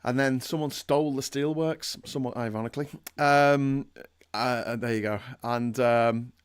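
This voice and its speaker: A man's voice: mid-range voice, steady tone, moderate pace, clean tone. A man co-hosting a casual live-stream chat, joking, laughing often and reading out viewer messages. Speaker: co-host reading viewer comments.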